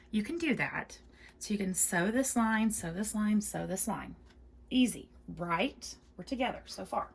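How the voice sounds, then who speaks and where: A woman with a mid-range, creaky voice hosts a relaxed quilting tutorial. She's chatty and reassuring, encouraging viewers as she repeats every instruction step by step.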